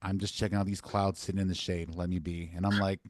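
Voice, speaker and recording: A man's voice: deep voice, level tone, fast, a little mellow, dry recording, clean studio sound. A young man co-hosting a podcast, telling casual stories in a laid-back way full of filler words. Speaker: podcast co-host. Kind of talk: casual chat.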